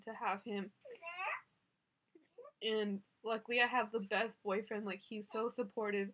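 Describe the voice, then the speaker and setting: A woman's voice: fairly high pitch, highs cut off. A young woman in her twenties telling a personal story to camera in a chatty, emotional way, filling her talk with "like". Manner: chatty, says "like" constantly, emotional. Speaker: new mother vlogger.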